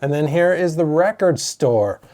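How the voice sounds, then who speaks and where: A man, a board game designer chatting excitedly through an unboxing of his own game, openly emotional. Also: fairly high pitch, a little slow. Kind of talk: unboxing vlog.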